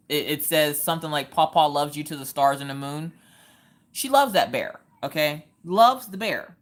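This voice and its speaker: A woman, hosting a casual craft livestream chat and telling stories in an animated way. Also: low voice. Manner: animated storytelling, acts out quoted voices.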